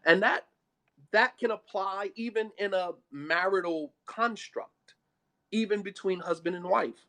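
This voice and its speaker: Emphatic high-voiced man lecturing. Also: measured pace, bright, forceful tone. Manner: emphatic, blunt, colloquial with Arabic phrases. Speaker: Islamic speaker. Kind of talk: religious lecture on marriage.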